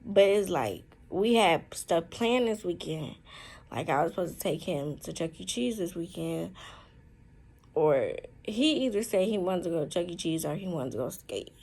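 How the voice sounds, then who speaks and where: A young woman talking candidly in a personal vlog from a hospital room, in slow, halting, heartfelt speech with many fillers. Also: lowish voice, animated, gravelly, a little mellow, low-quality recording. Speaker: vlogger.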